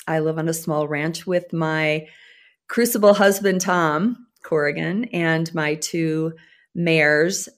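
Low-voiced older woman, upbeat podcast guest. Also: steady tone, slow pace. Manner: upbeat, laughs easily, self-deprecating. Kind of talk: conversational interview.

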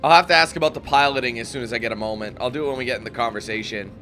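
A man's voice: medium pitch, rapid-fire, pushed and bright, faint music behind. A young man casually commentating a game, chatty and swearing when frustrated. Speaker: gameplay commentator. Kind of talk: casual let's play commentary.

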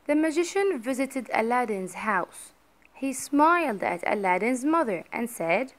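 A woman storyteller reading a children's story aloud for learners, clearly and expressively. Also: a little high, big pitch swings, a little slow.

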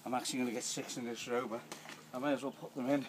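Rapid-fire and steady in tone at a medium pitch, an older home gardener rambles about his work, restarting often and using plain words. The handheld camera recording is noisy, with loud outdoor ambience and birdsong.

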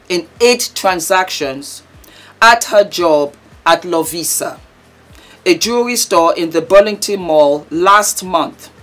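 A middle-aged woman hosting her own channel, talking casually and then recapping a news story, chatty and warm with animated outbursts. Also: lowish voice. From Britain. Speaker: YouTube channel host. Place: London.

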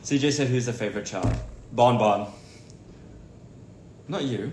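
A man's voice: on the low side, rapid-fire, darkish tone, reverberant, slight background noise. A middle-aged man chatting casually on a live stream, joking and teasing dryly.

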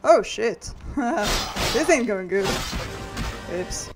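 A woman's voice: on the high side, expressive, extremely slow, over loud music. A woman giving casual let's-play commentary, flustered and swearing, chanting "nope" over and over. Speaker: gaming video creator.

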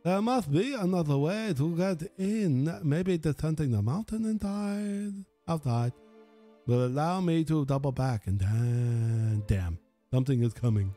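A man putting on a vague mixed accent to read out an earnest male adventurer's journal slowly and theatrically. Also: on the high side, animated, mellow, soft background music. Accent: vague mixed put-on accent. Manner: slow, theatrical reading.

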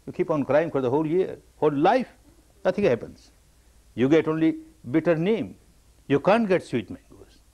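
A man's voice: fairly high pitch, expressive, normal speed, dark tone. Man giving an emphatic spiritual talk. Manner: emphatic, repeats key phrases; storytelling with acted quotes. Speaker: meditation teacher. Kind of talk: spiritual discourse.

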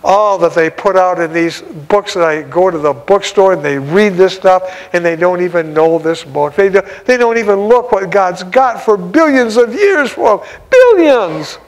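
Male evangelist, older, high voice, gravelly fry, exclamatory informal sermon. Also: normal speed, hardly any pauses, rough recording. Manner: exclamatory, breaks into laughs and shouts of praise. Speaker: evangelist preacher.

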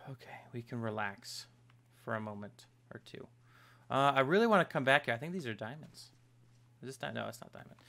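A man giving casual let's-play commentary as host of a gaming channel, excitable, yelping and trash-talking the enemies on his screen. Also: medium pitch, normal speed, gravelly. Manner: excitable, yelps and trash-talks game enemies.

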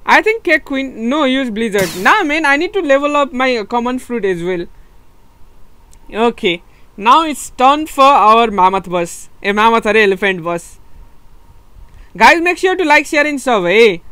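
Young male streamer with a Nepali accent, excitable live commentary, laughs a lot, repeats himself. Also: very high voice, moderate pace, clean tone. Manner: excitable, laughing, repeats words, switches between English and Nepali. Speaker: gaming streamer.

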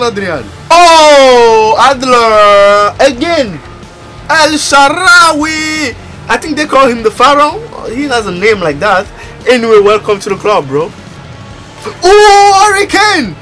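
A man giving excitable pack-opening commentary for a video game, exclaiming and shouting over each pick. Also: very high voice. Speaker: gaming YouTuber.

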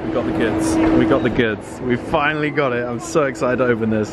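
A young man from England, chatting casually to camera in an excitable, playful vlog. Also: brisk, hardly any pauses, a little hiss or hum. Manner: excitable, playful, swings between loud and low. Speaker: vlogger.

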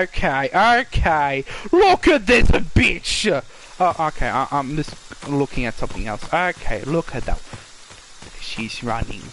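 A man giving excitable live gameplay commentary, swearing and shouting at the characters on screen. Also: high voice, noisy background. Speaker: gamer.

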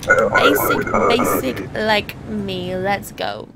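A woman's voice: medium pitch, steady tone, drawn-out words, gravelly, very noisy. A woman hosting a let's play, chatty and self-mocking as she works through the game. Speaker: gaming channel host.

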